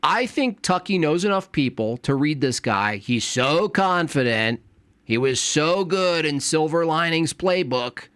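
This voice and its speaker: A man doing casual reaction commentary. His pitch swings widely as he rambles through sarcastic asides, and his voice is dry and close. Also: expressive, a little slow, a bit bright, clear, resonant tone, no echo. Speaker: streamer reacting to a video.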